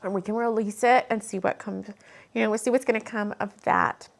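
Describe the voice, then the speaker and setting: Brisk and gravelly, a medium-pitched woman keeps a steady tone while channeling spiritual messages and reading tarot cards to the camera from home. The talk is casual, earnest, and meandering, turning emotional, and it's captured by the camera mic.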